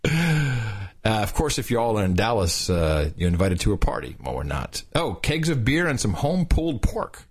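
A man co-hosting a podcast in casual chat, reading listener notes and birthday shout-outs, loose and joking and stumbling over names. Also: fairly low pitch, big pitch swings, normal speed, slightly rough. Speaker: podcast co-host.

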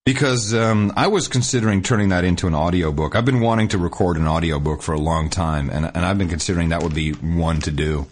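Low-voiced man in rambling casual chat. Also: fast talker, few pauses. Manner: rambling, restarts sentences, laughs often. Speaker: podcast co-host.

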